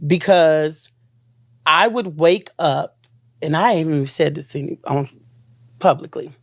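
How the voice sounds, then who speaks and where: A woman's voice: sits low, unhurried, dry recording, studio quality. A woman in an interview telling of a painful experience, emotional and searching, often repeating herself. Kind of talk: interview recounting a personal ordeal.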